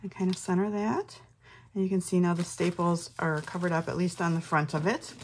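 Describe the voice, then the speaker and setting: A woman's voice: on the low side, steady tone, fairly quick, a little mellow, a little hiss or hum. A middle-aged woman hosting a casual craft tutorial from her home craft room, chatting and thinking aloud as she works. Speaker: craft class host.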